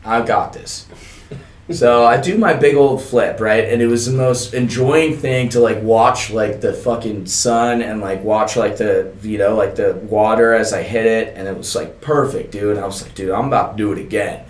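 A man's voice: fairly low pitch, moderate pace, echoey room. A young man, a podcast guest, telling a long story in a casual, profane, laid-back way and laughing often.

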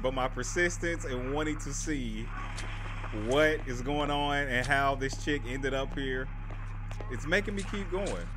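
A young adult man casually commenting on his own gameplay, slangy and animated, jumping from loud outbursts to hushed muttering and repeating short phrases under stress. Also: mid-range voice, unhurried, noisy background. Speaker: gaming channel host.

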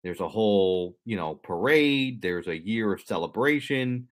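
A man with a slightly low voice talks through a story on a podcast. He keeps it conversational and drops in jokey asides for his co-host. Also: expressive, a little slow.

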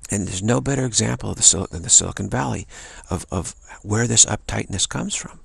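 A man with a low, heavily gravelly voice gives a loose spiritual talk, circling back on his words as he tells stories. His tone is husky and the sound is dry and close. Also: fairly quick, fairly bright tone, no echo. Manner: rambling storytelling, acts out quoted voices. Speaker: spiritual teacher.

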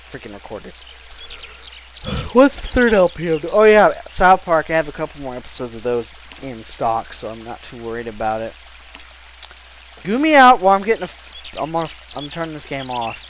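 A young man giving casual let's-play commentary, a loud, excitable talker who bursts into yelling. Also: a little high, a little hiss or hum. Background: faint game music.

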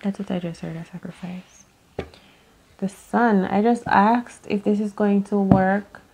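A woman's voice: mid-range voice, steady tone, moderate pace, dark tone, slight background noise. A woman doing an unscripted tarot reading to camera, musing aloud, rambling and swearing as she goes. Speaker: tarot reader.

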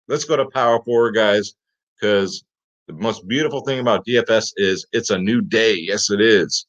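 This man has a lowish, fairly bright voice and talks at a normal speed. Hosting a fantasy picks show, he's casual and pumped, repeatedly saying "guys" and "get him in there," with slightly dull lo-fi audio.

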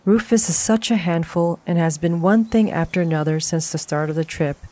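A woman narrating a horror short story in a calm, even storytelling voice. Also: on the low side, dry recording.

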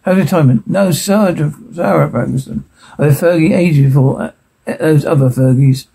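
A muddled, brash middle-aged duchess in a sitcom, her voice soft and husky with a mellow, dark tone. She rambles and keeps correcting herself mid-sentence. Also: low-pitched, normal speed, exaggerated voice. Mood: flustered. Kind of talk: sitcom acting.

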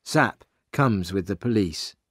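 A man narrating a simple story slowly and clearly for English learners. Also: on the low side, dry recording, studio quality. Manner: slow, clear and expressive reading.

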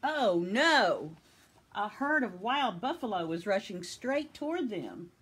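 A woman from Tennessee reading a children's picture book aloud with expressive storytelling. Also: medium pitch, normal speed, husky.

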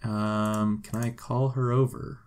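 A man's voice: lowish voice, level tone, slow pace, a little mellow, slight background noise. A man giving casual, joking gameplay commentary and talking to the game characters as he plays. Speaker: gameplay video host.

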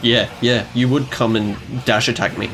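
A young man commentating his own video game matches, excitable and quick to yelp, gasp and trash-talk. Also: medium pitch, over music. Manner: excitable, yelps and gasps at plays, trash talk. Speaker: gaming YouTuber. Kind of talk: gameplay commentary.

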